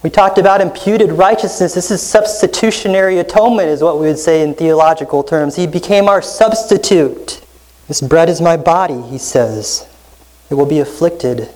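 Male pastor for a teaching sermon: steady explanatory delivery, keeps checking in with the room through rhetorical questions, reads scripture aloud. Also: on the high side, low-quality recording. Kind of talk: expository sermon.

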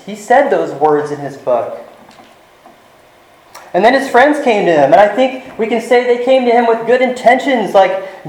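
A male pastor preaching a sermon in an earnest way, slowing down and dropping to a soft voice to stress his points. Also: high voice, animated. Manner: earnest, varies volume, slows for emphasis. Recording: echoey room.

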